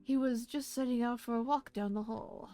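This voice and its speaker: A woman voicing a serene, philosophical sage doctor who speaks slowly and solemnly. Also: on the high side, steady tone, dark tone, lightly acted.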